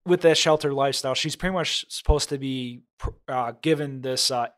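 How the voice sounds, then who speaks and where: A man co-hosting a podcast, explaining background in a steady, casual way. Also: medium pitch, a little fast. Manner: steady explaining, agreeable backchannel. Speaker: podcast co-host. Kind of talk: casual chat.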